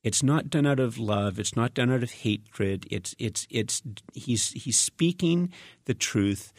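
A man's voice: mid-range voice, slow pace, dry recording, clean studio sound. A man preaching a reflective, conversational sermon, reading scripture aloud and explaining it with casual asides. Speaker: pastor.

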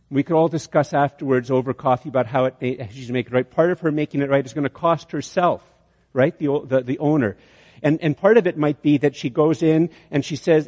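A man's voice: on the high side, fairly quick, dark tone. A man preaching a sermon, telling a long illustration with many restarts and building to emphatic peaks. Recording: dull sound with long hall reverb.

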